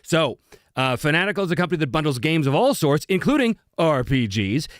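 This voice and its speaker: A man hosting a tabletop game channel chats through a sponsor plug in a relaxed, rambling way, stumbling over words and filling gaps with "um". His voice sits in an ordinary middle pitch. The sound is dry and close, with almost no room echo. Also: fast talker. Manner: chatty, loose, with many fillers and restarts. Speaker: host of a tabletop RPG channel. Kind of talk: casual sponsor read.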